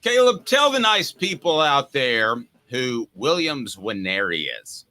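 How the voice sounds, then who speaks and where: A man's voice: mid-range voice, very animated, unhurried, pushed and bright. A man hosting a sports talk show, talking casually and rambling through long explanations with many restarts. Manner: rambling, restarts mid-sentence.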